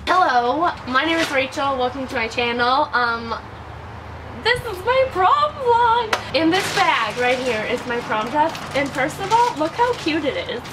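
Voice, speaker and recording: A teenage girl vlogging in a casual, excitable way, chatting to the camera with lots of fillers. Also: high voice, a little slow. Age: teens. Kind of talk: casual vlog. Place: car, phone held while driving. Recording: distant phone mic with background noise.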